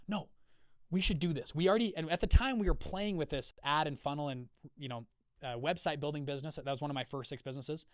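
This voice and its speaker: A man hosting a live call, telling a personal business story in a conversational way, acting out quoted dialogue with lively shifts. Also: fairly high pitch, fast talker, smooth, no room sound, studio quality. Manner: energetic, acts out quoted dialogue with shifting voices; conversational, many fillers and check-ins. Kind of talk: storytelling talk to an audience.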